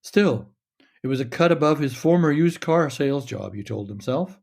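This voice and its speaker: A man reading his own short story aloud in a measured, steady narration. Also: on the high side, gravelly.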